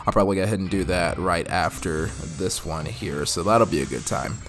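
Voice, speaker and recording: A man's voice: sits low, fairly quick. A man hosting a slots channel, chatting casually and rambling over his mobile slot play, with many fillers. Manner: rambling and friendly, many "uh"s and "go ahead"s.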